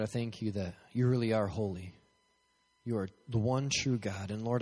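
Man, pastor; joking sermon to a crowd, church hall with long reverb. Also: medium pitch. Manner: joking, asks the crowd questions. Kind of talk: sermon with prayer.

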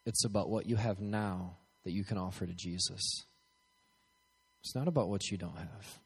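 A man's voice: on the low side, moderate pace, long pauses, husky. A man as pastor, preaching a joking sermon with prayer and questions to the crowd, speaking from a podium in a church hall. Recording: long hall reverb.

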